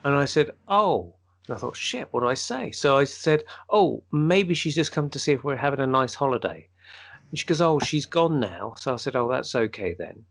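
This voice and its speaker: Male podcast co-host, gravelly, animated storyteller who plays out the dialogue. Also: medium pitch, a little fast. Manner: animated storyteller, acts out quoted speech.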